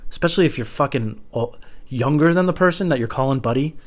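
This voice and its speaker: A young man doing a rambling, crude, self-mocking comedy monologue at home, jumping into silly high voices. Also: fairly quick. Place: home room.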